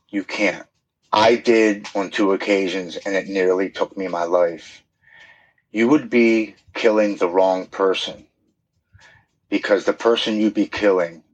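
A man's voice: sits low, fairly even intonation, unhurried, slightly rough. A middle-aged man, a podcast guest, telling his recovery story in an earnest, heartfelt way, sometimes repeating words when moved.

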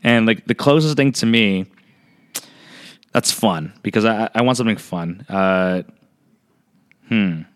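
A man co-hosting a casual chat, talking fast with lots of fillers, swearing, joking and acting out quotes. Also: fairly low pitch. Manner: animated, filler-heavy, swears and jokes, acts out quotes. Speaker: podcast co-host.

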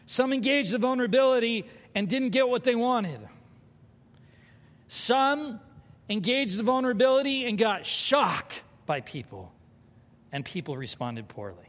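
A man preaching a sermon as pastor, animated and conversational, with humor. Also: very high voice, unhurried, pauses often. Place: church sanctuary. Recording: hall reverb.

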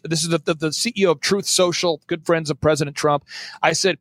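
A high-pitched man with a fairly bright tone talks as a guest on a talk show, emphatic and fast-driving, repeating his points for effect in an energetic conversation. The recording is dry.

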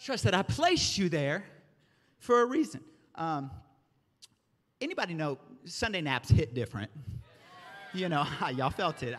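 A man from the American South preaching a sermon, telling stories with lively energy and calling out to the congregation. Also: sits high. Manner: animated storytelling, preacherly call-outs. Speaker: pastor. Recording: reverberant hall.

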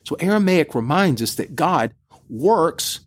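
A man's voice: fairly high pitch, measured pace, husky. A middle-aged man, a priest giving a podcast Bible teaching in a conversational storytelling manner. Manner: conversational storytelling, relaxed asides.

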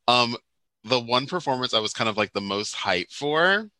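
Bright-voiced man in casual chat. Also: medium pitch, moderate pace, no room sound, rough recording. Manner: animated, teasing, rambling with fillers. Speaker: podcast co-host.

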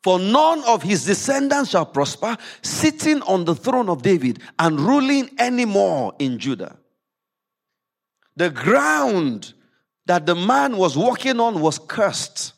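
A man preaching a sermon in a church service, reading scripture aloud with rising emphasis and dropping low to explain it. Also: big pitch swings, takes it slowly, gravelly.

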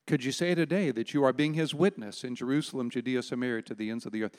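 An older man preaching a sermon as pastor, emphatic and slowing down to stress key words. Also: medium pitch. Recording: long hall reverb.

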